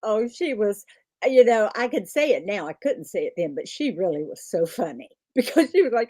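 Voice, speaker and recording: A woman's voice: medium pitch, moderate pace, no echo, studio quality. A woman co-hosting a casual livestream chat, telling stories with frequent laughter. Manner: laughing, animated storyteller.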